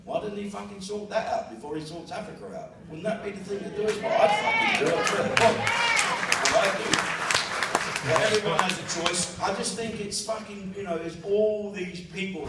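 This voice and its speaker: A man's voice: high-pitched, fairly even intonation, fairly quick, heavy background noise. A man in his fifties with a South London accent, performing a brash, crude stand-up routine full of swearing. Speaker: stand-up comedian. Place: live venue with an audience. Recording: echoey venue audio from far off.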